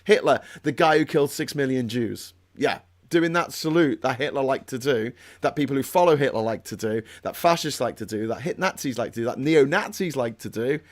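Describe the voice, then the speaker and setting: A man's voice: medium pitch, lively intonation, fairly quick. A man hosting a casual political commentary livestream. He rambles and restarts often, gets heated, and reads out viewer comments. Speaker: host.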